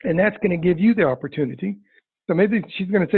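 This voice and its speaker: Male sales trainer, folksy and emphatic, husky voice, pitched a little high. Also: fast. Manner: folksy, emphatic, acts out client dialogue. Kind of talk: webinar training talk. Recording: dry tinny phone-like line.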